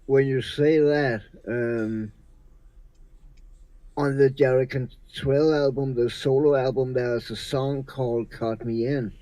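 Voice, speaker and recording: A man's voice: mid-range voice, fairly even intonation, slow pace, mellow, no room sound, low-quality recording. A middle-aged man talks about music in a plain, easygoing way, looking back on what he listened to. The recording is dry and close, with no room sound. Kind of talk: casual chat about music.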